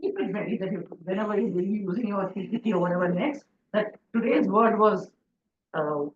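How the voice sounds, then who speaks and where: A woman's voice: medium pitch, normal speed, slight background noise. Indian woman coaching teachers on pronunciation. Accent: Indian English. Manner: encouraging, chatty, praises often. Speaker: pronunciation workshop trainer. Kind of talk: teacher training workshop. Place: classroom or hall. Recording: echoey, distant, dull sound.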